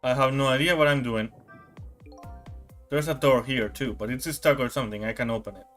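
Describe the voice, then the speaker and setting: A man's voice: medium pitch, normal speed, a bit bright, soft background music. A young man streaming a game playthrough, reading narration and adding casual, jokey asides.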